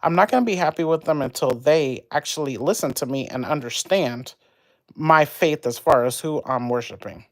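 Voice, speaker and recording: A woman's voice: sits low, normal speed, dry recording. Brief: young woman, casual livestreamer, rambling and heated, dry close sound. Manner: rambling, animated, venting about an argument. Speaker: livestream host.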